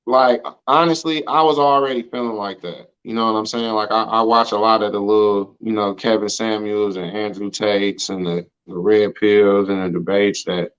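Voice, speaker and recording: A man's voice: on the low side, steady tone, normal speed, few pauses, a bit bright, clear, resonant tone, dull audio. An American man casually telling stories in an interview, loose and slangy, always checking in with "you know what I'm saying.". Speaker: interview guest. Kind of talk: casual storytelling chat.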